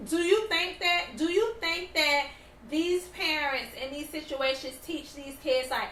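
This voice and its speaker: A woman with a high, bright voice co-hosts a casual chat, animated and opinionated as she makes her case. She sits back from the mic in a roomy, echoey space with a faint ambient hum. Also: unhurried, distant mic. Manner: opinionated, animated, often acts out quotes. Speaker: podcast co-host.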